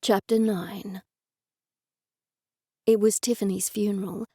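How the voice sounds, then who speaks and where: A woman narrating an audiobook in the first person with clear, even storytelling, on a close studio mic. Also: medium pitch, slow pace, no echo.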